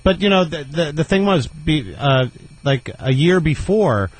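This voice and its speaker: A man's voice: a little high, animated, measured pace, low-quality recording. A man, a comedian guest, telling a rambling, self-deprecating story on a radio show and laughing at his own jokes. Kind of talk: casual radio interview storytelling.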